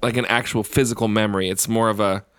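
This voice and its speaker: A man's voice: fairly low pitch, fairly even intonation, fast, clean tone, dry recording. Laid-back man chatting, dry sound. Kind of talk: casual chat about a film.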